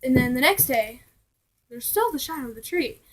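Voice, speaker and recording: A woman's voice: high voice, normal speed, slight background noise, poor audio. Chatty young woman telling ghost stories. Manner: chatty, animated, drops to hushed asides. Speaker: vlogger. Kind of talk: casual storytelling vlog.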